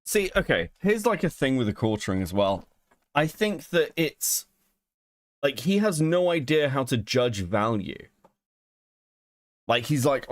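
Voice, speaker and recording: A man's voice: mid-range voice, moderate pace, dry recording. A man chats on a podcast and reacts to a video. His voice jumps up and down as he swears and scoffs in disbelief. The sound is dry and close to the mic. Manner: animated, incredulous, swears a lot. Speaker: podcast co-host. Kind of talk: casual chat, reacting to a video.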